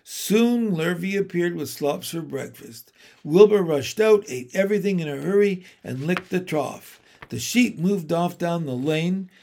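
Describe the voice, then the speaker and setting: A man narrating a children's novel in a gentle storytelling manner. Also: sits high, lively intonation, unhurried, gravelly.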